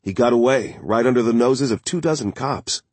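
A man voicing an alert, excited male crime reporter in an audiobook, speaking eagerly and quickly. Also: medium pitch, no room sound, voice pushed up, close to an everyday voice.

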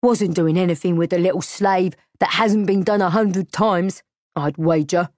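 A woman's voice: lowish voice, normal speed, a little mellow, dry recording, studio quality, close to an everyday voice. A woman voicing a sly, crude male slaver who growls and sneers. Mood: sulky.

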